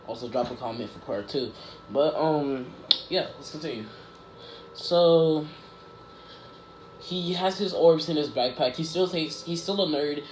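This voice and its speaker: A man's voice: medium pitch, darkish tone. Rambling man telling a story in an echoey room. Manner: rambling, self-correcting, lots of "like" and "um". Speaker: YouTuber telling a fan story. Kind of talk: casual improvised storytelling. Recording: echoey room with faint background noise.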